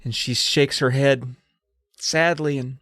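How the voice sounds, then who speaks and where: A man co-hosting a comedy podcast, retelling a story with lively delivery. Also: medium pitch, takes it slowly, dry recording, clean studio sound. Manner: animated, laughing storyteller. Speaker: podcast co-host.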